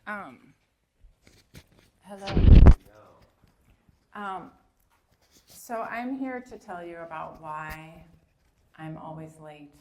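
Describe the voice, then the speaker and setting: A woman in her fifties from New York, telling a personal story live. Her voice sits low, and she talks in a chatty way with plenty of "um"s and "like"s. The sound is echoey, as if from a room with hard walls. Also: steady tone, very slow, long pauses, very noisy. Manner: chatty, many "um"s and "like"s.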